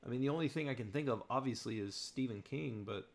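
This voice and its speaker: His mid-range voice is creaky and quick. The young man, from southern Virginia, chats loosely on a live stream, responding to comments with lots of fillers, in General American tinged slightly by a Southern Virginia accent.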